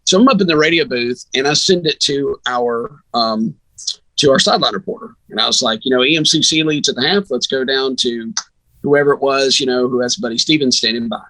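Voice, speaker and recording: A man, a sports radio announcer, telling a long story in an animated, chatty way as a podcast guest. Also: mid-range voice, a little fast, no echo, rough recording. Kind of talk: casual storytelling.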